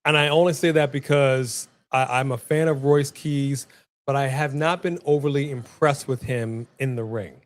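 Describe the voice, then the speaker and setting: A man's voice: medium pitch, moderate pace. A man co-hosting a wrestling watch-along stream, chatting casually and calling out to the live chat. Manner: chatty, animated, addresses the chat.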